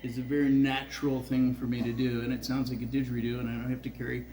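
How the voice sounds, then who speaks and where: A man's voice: medium pitch, level tone, quick pace, darkish tone, rough recording. A man in his sixties telling a rambling, profane personal story on a festival stage, full of filler words. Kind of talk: live storytelling.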